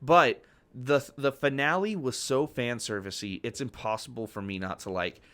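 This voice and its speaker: A podcast co-host with a bright, forward, medium-pitched voice chats casually at a normal speed. He gets enthusiastic, retells scenes with gusto, and swears without a second thought.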